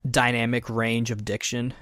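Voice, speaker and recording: A man's voice: medium pitch, level tone, normal speed, a bit bright, no room sound, studio quality. A man hosting a casual podcast discussion, thoughtful and hedging, with many fillers and restarts. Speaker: podcast host.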